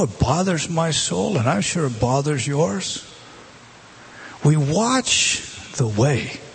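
A man's voice: medium pitch, a little hiss or hum. A middle-aged man preaching a conversational Bible-teaching sermon, asking his listeners rhetorical questions and reading scripture aloud with feeling.

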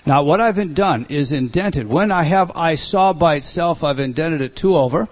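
A middle-aged man teaching a Bible study, speaking slowly and deliberately and repeating words for emphasis. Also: fairly high pitch.

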